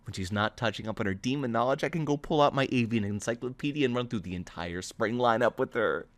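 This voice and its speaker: A man reading his own novel aloud in the first person, animated and excitable as he rambles on. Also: medium pitch, fast, no echo. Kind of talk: first-person story narration.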